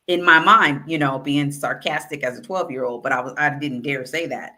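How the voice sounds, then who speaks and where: A woman who works as a writing consultant and author coach, telling a story in a casual, animated way and acting out the dialogue. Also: a bass voice, a little fast, hardly any pauses. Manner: animated, acts out quoted dialogue.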